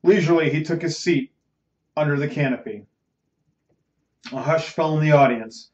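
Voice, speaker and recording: A man reading a novel aloud as host of a bedtime reading show, measured and dramatic. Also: fairly high pitch, a little mellow. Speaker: audiobook reader, host. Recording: roomy, slightly muffled recording.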